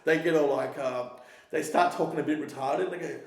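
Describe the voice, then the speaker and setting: A man's voice: a little high, fairly quick, roomy sound, slight background noise. A young man in a casual street interview, telling stories in a rambling way, swearing freely and often restarting his sentences.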